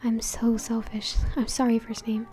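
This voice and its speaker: A woman's voice: fairly high pitch, monotone, normal speed, slight background noise, lightly acted. A woman voicing a jealous teenage boy volleyball player in a whispered role-play reading. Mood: remorseful. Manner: soft, hushed.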